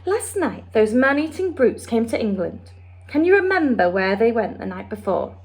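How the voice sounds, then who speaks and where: A woman reading the part of a brisk, commanding queen, speaking in a regal, clipped way. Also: fairly high pitch, very animated.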